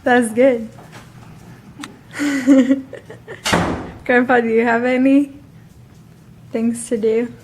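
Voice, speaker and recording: A young woman interviewing her grandparents, soft-spoken, prompting with questions and laughing quietly. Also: fairly high pitch, flat delivery, drawn-out words, pauses often, noisy background. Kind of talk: casual family interview.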